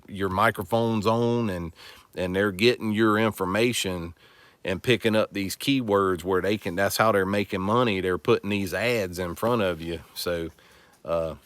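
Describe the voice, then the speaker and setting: Man, deep voice, casual rambling vlog talk, heartfelt. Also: fairly bright tone, a little hiss or hum. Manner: rambling, heartfelt, repeats himself. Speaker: family vlog host.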